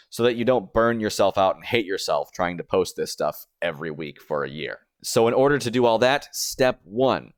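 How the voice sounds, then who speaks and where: A man's voice: medium pitch, no room sound. Man narrating a dry video essay. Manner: explanatory, step-by-step. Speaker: streamer and YouTuber.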